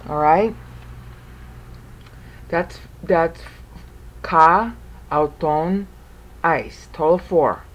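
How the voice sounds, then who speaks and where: A woman's voice: low voice, very slow, pauses often, muffled recording. A woman teaching a screen-recorded Bible study lesson, talking patiently through the text, counting syllables aloud and breaking off now and then to restart. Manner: self-interrupting, with small restarts and asides. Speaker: Bible commentator.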